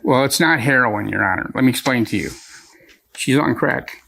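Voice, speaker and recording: A man's voice: mid-range voice, moderate pace, gravelly, pushed and bright. A man testifying as the plaintiff in a TV courtroom, rambling and repeating phrases as he tells his story. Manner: rambling, repeats himself, stumbles over words.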